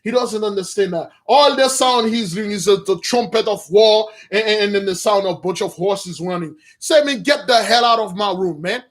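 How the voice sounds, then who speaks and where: A man's voice: high-pitched, normal speed, hardly any pauses. A man voicing a lazy, pleasure-loving young king who talks in a dismissive, slangy drawl. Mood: annoyed.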